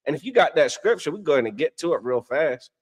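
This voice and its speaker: A man, co-hosting a religious talk show, preaching in a casual, animated way and often asking "you understand?". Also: a little high, a little fast, a crowd in the background. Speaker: religious podcast co-host.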